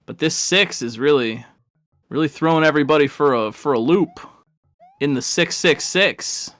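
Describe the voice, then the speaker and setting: A man's voice: a little high, moderate pace, fairly bright tone, no echo. A man casually commentating a live video game race, rambling and chatty, laughing at his own stories.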